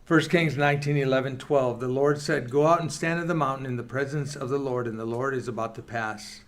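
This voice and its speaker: Male Bible class teacher, mid-pitched, earnest, reads scripture and chats with the room. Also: steady tone. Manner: earnest, reads scripture aloud, quick asides. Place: church meeting room.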